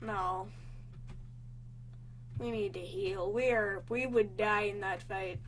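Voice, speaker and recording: A woman's voice: medium pitch, slow, a little hiss or hum. A young woman giving let's play commentary on a game, reacting with gasps and panicky exclamations. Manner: excitable, gasping, panicky exclamations. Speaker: gaming channel host.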